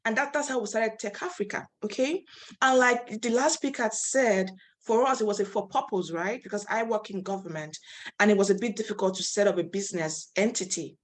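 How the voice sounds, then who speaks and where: A woman's voice: mid-range voice, a little fast. A woman from Nigeria, a nonprofit founder, telling her story as a guest speaker over a video call, earnest and passionate. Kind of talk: interview storytelling.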